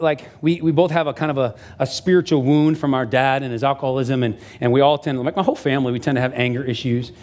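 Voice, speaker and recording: Middle-aged male pastor, conversational sermon. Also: fairly high pitch. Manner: conversational, animated storytelling with frequent restarts.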